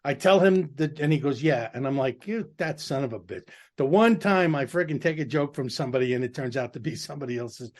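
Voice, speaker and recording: A man's voice: a little high, quick pace, hardly any pauses, darkish tone. A man and stand-up comedian telling frank, rambling stories in casual chat. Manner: rambling, frank, salty storyteller.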